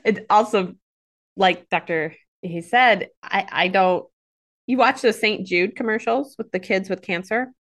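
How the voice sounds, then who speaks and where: A woman's voice: medium pitch, unhurried, fairly bright tone. A woman who is a vet, chatting casually and expressively, mimicking people she talks about. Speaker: veterinarian guest. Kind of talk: casual chat.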